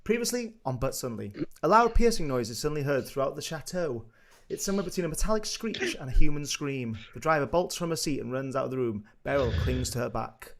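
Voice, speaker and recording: A man reading the stage directions of a script briskly, bantering and laughing with friends on a video call. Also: medium pitch, animated, slight background noise. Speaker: narrator of a live script read.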